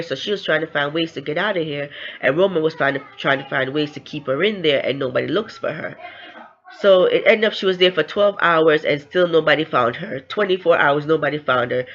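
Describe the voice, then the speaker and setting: A woman's voice: deep voice, dull audio. Chatty woman recapping a novel. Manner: chatty, with fillers and tag questions. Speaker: book reviewer. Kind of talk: casual book recap.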